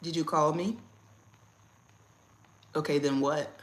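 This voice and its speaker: A young to middle-aged woman, hosting a casual livestream chat from home in a blunt, animated way and laughing often. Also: low-pitched, takes it slowly. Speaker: livestream host.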